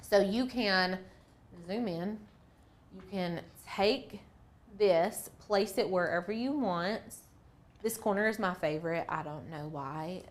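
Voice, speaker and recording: Taking it slowly in a mid-range voice, a woman leads a casual craft tutorial over screen share. She chats playfully and thinks out loud at every step.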